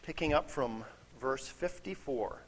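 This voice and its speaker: A man preaching a sermon, conversational and animated, often checking in with "right?" and reading scripture aloud. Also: mid-range voice, a little slow. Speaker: pastor.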